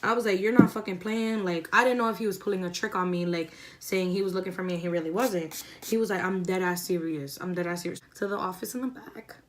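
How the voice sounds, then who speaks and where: A woman's voice: fairly low pitch, fast, a little hiss or hum. A young woman vlogger telling a profane storytime while doing her makeup, acting out the voices of the people in it. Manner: animated, profane, acts out quoted voices. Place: indoors at home, doing makeup.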